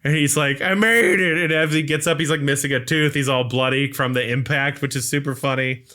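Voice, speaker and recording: A man co-hosting a podcast, recapping a film in a rambling casual way, full of "like" and quick acted-out lines. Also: mid-range voice, flat delivery, sharp tone. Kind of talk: casual chat.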